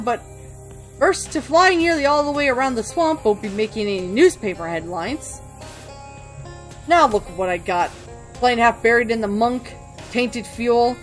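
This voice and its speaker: A woman voicing a gruff, folksy female swamp pilot in a comedy game, reading her lines with a plain drawl. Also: a little high.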